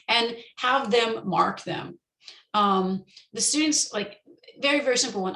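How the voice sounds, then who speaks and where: A woman teacher giving an online conference talk on teaching pronunciation, explaining in a relaxed way with many ums and restarts. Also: a little high, unhurried, echoey room, low-quality recording. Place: indoors, online session.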